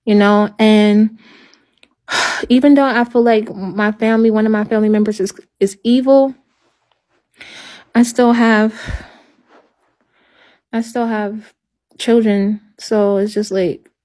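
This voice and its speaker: A woman talking on a livestream in halting, repetitive speech, sounding hopeless and stressed. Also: mid-range voice, fairly even intonation, darkish tone. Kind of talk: emotional livestream talk.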